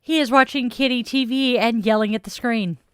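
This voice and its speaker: A woman's voice: on the high side, normal speed, a bit bright, smooth, no echo, studio quality. A woman chatting casually with viewers on a stream, rambling and self-deprecating with frequent sighs. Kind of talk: casual live-stream chat.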